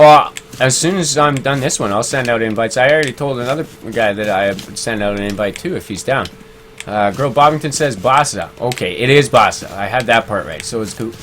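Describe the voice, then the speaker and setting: A man's voice: medium pitch, fairly bright tone, a little hiss or hum. A man streaming a game live, chatting casually, reading viewer comments aloud and laughing easily. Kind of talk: casual live-stream chat while gaming.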